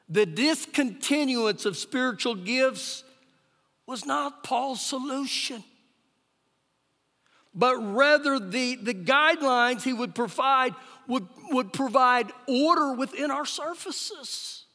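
High-voiced pastor preaching in a hall. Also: male voice, unhurried. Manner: emphatic preaching, rises loud then drops soft. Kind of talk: sermon. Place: church sanctuary. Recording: live church recording with long hall reverb.

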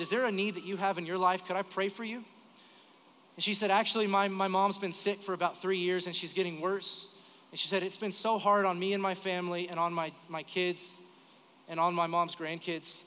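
A man in his thirties delivers an earnest, emotional sermon story at a live church service. His voice sits high and sounds bright and forceful. A long reverb from the sanctuary trails behind his words. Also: steady tone, a little fast, a little hiss or hum. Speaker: preacher.

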